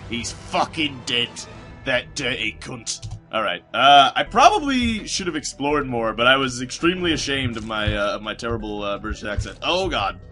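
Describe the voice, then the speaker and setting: A man's voice: mid-range voice, very animated, fairly quick, few pauses, pushed and bright, soft background music. A man narrating his video game run, rambling and chatty as he plays, full of fillers and restarts. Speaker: gaming YouTuber. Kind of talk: let's play commentary.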